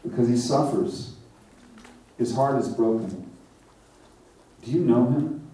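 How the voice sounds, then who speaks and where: Man, preacher, sermon, mellow tone, conversational, questions to the crowd, heavy room echo, distant mic. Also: medium pitch, animated, takes it slowly. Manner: conversational, asks the crowd questions, acts out short quotes.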